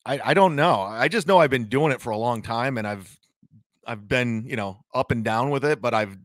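Rambling comedian talking with frequent restarts. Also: male voice, mid-range voice, normal speed, no echo, clean studio sound. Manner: rambling, self-interrupting with many restarts. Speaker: comedian guest. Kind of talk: casual live-stream conversation.

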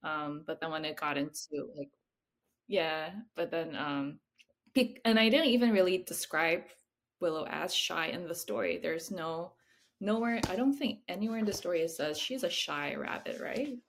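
A woman author with a low, gravelly voice talks through her book in a relaxed interview. She hedges her way through thoughts with plenty of "like" fillers and slips into laughter often. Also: normal speed. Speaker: picture book author and illustrator. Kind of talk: casual interview chat.

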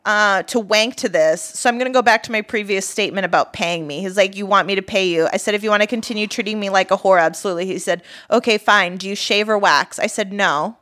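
A woman's voice: mid-range voice, fast talker, hardly any pauses, fairly bright tone. A woman telling a story in casual chat, bluntly reading out text messages.

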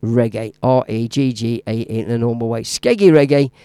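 A man's voice: medium pitch, normal speed, warm tone, clear, resonant tone, no room sound, studio quality. A man with a Midlands accent hosting a radio show as DJ, talking in a rambling, chatty way that waffles on between records. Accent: Midlands English. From English Midlands. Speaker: radio DJ host. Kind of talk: casual radio DJ chat.

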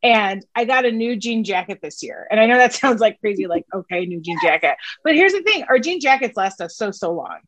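A woman with a Chicago accent co-hosting a podcast, bubbly and quick with asides, laughing as she goes. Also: mid-range voice, animated, a bit bright, dry recording. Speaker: podcast co-host. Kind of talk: casual podcast chat.

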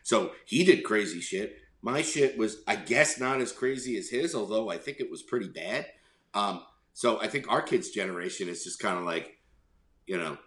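A middle-aged man from New York speaks in a voice on the low side with a bit of brightness. In an echoey room he co-hosts a podcast, casually telling a rambling story while swearing freely and acting out voices.

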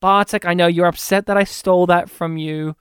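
A man's voice: high-pitched, steady tone, brisk, fairly bright tone, clear, resonant tone, dry recording, studio quality. A man hosting a casual movie review chat, enthusiastic and rambling. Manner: enthusiastic, rambling, quotes lines in funny voices. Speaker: podcast host.

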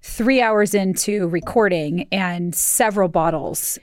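A woman's voice: lowish voice, measured pace, no echo, clean studio sound. A middle-aged woman co-hosting a podcast, telling stories in a chatty way and laughing often. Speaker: podcast co-host. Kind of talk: casual chat.

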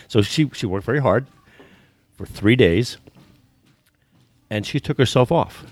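A man's voice: lowish voice, animated, normal speed, darkish tone, no echo. A man in his sixties from the United States, telling stories as a podcast guest, often repeating words and restarting. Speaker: guest, football business consultant. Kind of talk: storytelling in a podcast interview.

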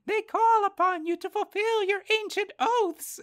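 A man's voice: very high-pitched, steady tone, unhurried, pitched above the performer's own voice. A man voicing his cat as a grandiose ancient lord of the forests, proclaiming in a lofty tone.

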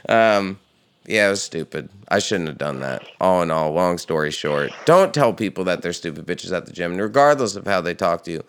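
A man hosting a casual podcast chat, a profane, animated storyteller who laughs often. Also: low-pitched, moderate pace, clean tone. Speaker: podcast host and touring musician.

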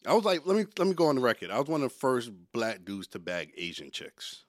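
A man in his forties co-hosting a podcast, telling a story with lively quoted voices in casual banter. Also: medium pitch, quick pace, no room sound, clean studio sound. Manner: animated storyteller, acts out quotes loudly. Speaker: podcast co-host.

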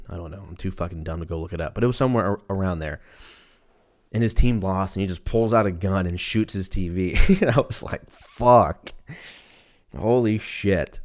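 Young man, low-pitched, casual solo talk, profane, rambling. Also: darkish tone.

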